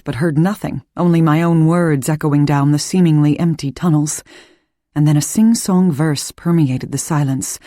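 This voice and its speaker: A woman reading a first-person suspense audiobook in a measured, calm storytelling voice. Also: low-pitched, no echo, clean studio sound. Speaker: audiobook narrator.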